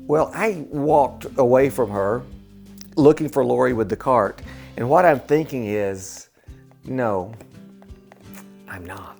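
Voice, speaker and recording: A man with a gravelly, creaky voice tells a personal story slowly and earnestly. He pauses often and repeats himself as he works toward his point. Faint music plays behind him. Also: medium pitch, lively intonation, a little mellow. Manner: slow, deliberate and earnest, with many pauses and repeats. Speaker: storyteller and channel host. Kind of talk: personal story told to camera.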